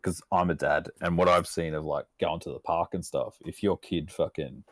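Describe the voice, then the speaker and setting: A man's voice: low voice, fairly even intonation, moderate pace, no room sound. An Australian man telling a story in casual podcast chat, laid-back and rambling, swearing constantly. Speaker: podcast guest.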